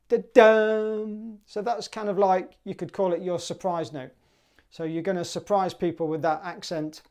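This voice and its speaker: Woman, clarinet teacher, upbeat, chatty, mellow dark tone. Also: fairly low pitch. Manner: upbeat, chatty, sings rhythms aloud. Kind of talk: music exam lesson.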